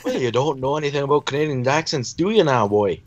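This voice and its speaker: A man's voice: mid-range voice, lively intonation, fast, lightly acted. A man doing a folksy Newfoundland man with a Newfoundland accent, slurred and mumbling.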